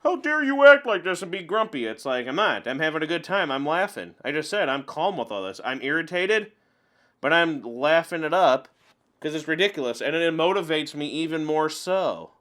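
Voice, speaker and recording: Animated ranting man commentating a card game. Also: a little high, moderate pace. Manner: animated, ranting, laughs a lot. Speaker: gameplay commentator.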